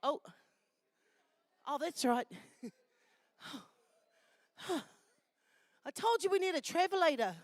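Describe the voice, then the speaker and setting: A woman's voice: high voice, expressive, takes it slowly, long pauses, dry recording, studio quality. A woman with a New Zealand accent, MCing a live festival, chatty and affectionate with the crowd. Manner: chatty and affectionate, calls people darling. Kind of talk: live event MC, handing out and announcing. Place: festival venue.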